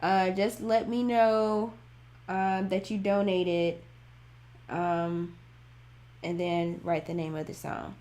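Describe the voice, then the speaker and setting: A woman's voice: fairly low pitch, flat delivery, takes it slowly, long pauses, dark tone. A woman hosting a music reaction livestream, chatting casually, laughing often and thinking aloud as she reads viewer messages.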